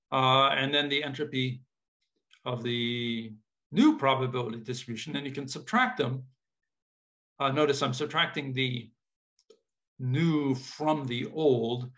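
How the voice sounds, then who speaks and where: A man's voice: mid-range voice, fairly bright tone. A man giving an informal mathematics lecture, thinking aloud with casual asides and checking that his audience follows.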